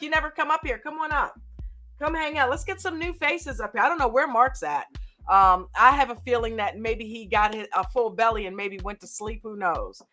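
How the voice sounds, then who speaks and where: A woman hosting a live stream chat, greeting viewers by name in a lively, casual way and laughing often. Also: on the high side, normal speed, soft background music.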